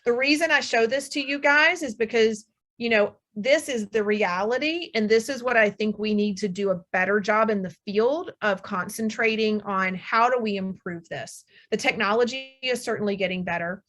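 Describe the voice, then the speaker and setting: A woman's voice: medium pitch, moderate pace, a bit bright. Middle-aged woman explaining test scores. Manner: explanatory, reassuring, frequent ums. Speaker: audiologist lecturer. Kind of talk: webinar presentation. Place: room with air conditioner hum.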